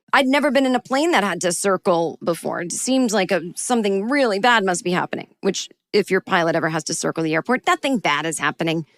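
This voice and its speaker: A woman hosting a solo podcast, telling a personal story in a wry, self-deprecating and animated way. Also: mid-range voice, quick pace, few pauses. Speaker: podcast host and comedian.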